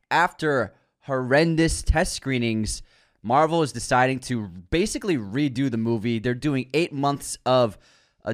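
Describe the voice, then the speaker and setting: A man co-hosting a casual movie news podcast, animated and swearing for emphasis. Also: medium pitch. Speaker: podcast co-host.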